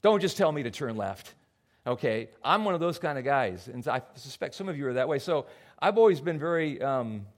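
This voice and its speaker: An older man preaching a sermon as a pastor, often repeating words as he restarts and acting out quoted voices. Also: medium pitch. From United States. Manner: animated, acts out quoted voices. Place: church hall before a congregation.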